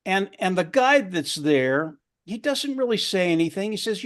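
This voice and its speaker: A man with a voice a touch higher than most men's tells a motivational story at a round table. He is earnest and often doubles words for emphasis. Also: sing-song, normal speed, few pauses, fairly bright tone.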